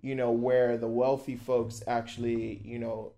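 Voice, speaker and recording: A man in his thirties, a podcast guest, telling stories casually with lively slang and repeated phrases. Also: medium pitch, a little slow. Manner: animated, slangy, repeats for emphasis. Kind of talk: casual storytelling.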